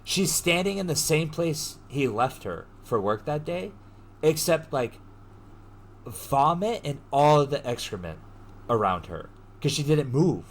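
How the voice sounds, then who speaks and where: A man hosting a podcast, retelling a story in a casual, animated way, full of slang and swearing. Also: on the high side, a little slow. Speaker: podcast host. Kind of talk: casual chat.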